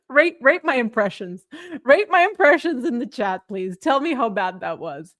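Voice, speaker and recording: A woman's voice: fairly high pitch, big pitch swings, a little slow, a bit bright. A woman hosting a casual political livestream, reading viewer comments and chatting with a sarcastic edge, laughing often. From Canada. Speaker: livestream host reading chat.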